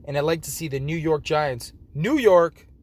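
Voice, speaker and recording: A man with a somewhat high voice runs through a casual fantasy football preview late at night. He sounds worn out and slurs a little. He rambles and corrects himself as he goes. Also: level tone, brisk, poor audio. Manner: slightly slurred, rambling with self-corrections. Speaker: fantasy football league host. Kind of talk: casual game preview commentary.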